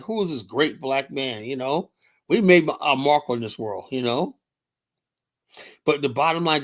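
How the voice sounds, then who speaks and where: A man from the United States, hosting a livestream and arguing emphatically and profanely, often repeating "you know". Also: medium pitch. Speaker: livestream host. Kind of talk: heated solo livestream commentary.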